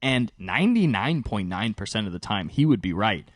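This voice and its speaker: Animated young man telling stories. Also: moderate pace, no echo, studio quality. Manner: animated, swears freely, pitch jumps high for emphasis. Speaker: podcast host and stand-up comic. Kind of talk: casual storytelling monologue.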